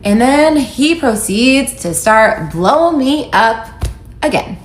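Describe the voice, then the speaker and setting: A woman's voice: on the high side, lively intonation, takes it slowly. A young adult woman telling a personal story in a candid, wry way, quoting messages in her own voice. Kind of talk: casual storytelling to camera. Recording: echoey room with faint background noise.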